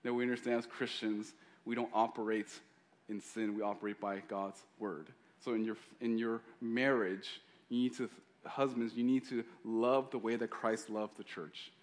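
A man's voice: fairly low pitch, little pitch movement, moderate pace. Joking, conversational male pastor. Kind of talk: sermon.

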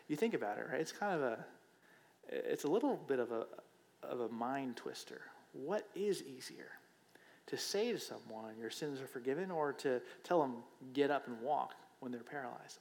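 A man's voice: mid-range voice, lively intonation, moderate pace, vocal fry. A man preaching a sermon in a conversational way, often checking in with the listeners with a rhetorical question and repeating phrases for emphasis. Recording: long hall reverb.

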